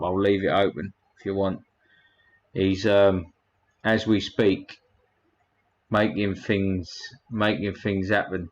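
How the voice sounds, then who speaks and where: A man's voice: on the low side, muffled recording. A man hosting a casual livestream, rambling and a bit crude as he thanks his chat one by one. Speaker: livestream host.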